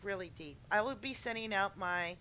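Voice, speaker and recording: A woman in her twenties hosting a casual podcast stream, chatting in an animated way and acting out other people's lines. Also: medium pitch, moderate pace, slight background noise. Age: 20s. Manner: animated, laughing, acts out friends' lines. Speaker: podcast host.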